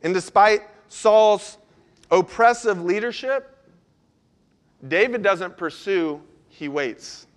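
A man's voice: sits high, slow pace. A man preaching a sermon as pastor, earnest and conversational, asking his listeners questions.

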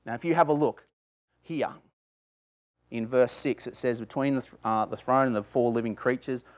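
A medium-pitched pastor speaks at a moderate pace in a sermon for a small group. Conversational in style, he asks his audience questions and works up to emphatic bursts.

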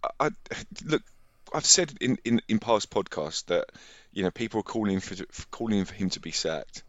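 Low-voiced co-host, a man, dry lo-fi. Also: animated, a bit bright, no room sound. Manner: halting, repeats words, says mate. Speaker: podcast co-host. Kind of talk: casual chat. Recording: dry, dull lo-fi sound.

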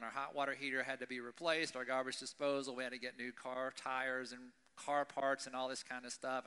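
A man's voice: mid-range voice, bright, forceful tone, clear, resonant tone. A male pastor giving a conversational sermon to his congregation, often checking in with "right?". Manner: conversational, asks the audience "right?". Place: church service with congregation.

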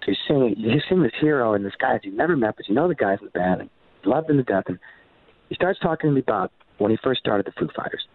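A musician from California telling a story animatedly, full of fillers and swearing. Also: male voice, mid-range voice, fast talker, no room sound. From Montebello, California. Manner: swears freely, many fillers, builds to excitement. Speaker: musician guest. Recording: dry, tinny phone-like line.

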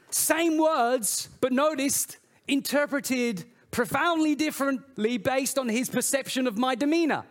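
A man preaching a sermon, his voice sitting high and lifting higher on the words he stresses. He swings between loud, emphatic bursts and hushed, low asides. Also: unhurried. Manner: animated preaching with sudden loud and soft swings. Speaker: pastor.

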